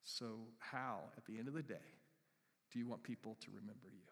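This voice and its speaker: Pastor preaching in a reverberant hall. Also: male voice, fairly low pitch, normal speed, creaky, a bit bright. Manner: conversational preaching, asks the congregation questions. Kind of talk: sermon. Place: church sanctuary.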